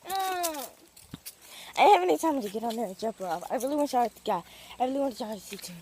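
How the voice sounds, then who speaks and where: Teen girl vlogger, lively bouncing pitch, rambling chatty delivery, phone camera at home. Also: racing, slight background noise. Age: teens. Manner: chatty, rambling, many fillers. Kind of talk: casual home vlog. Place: house and backyard.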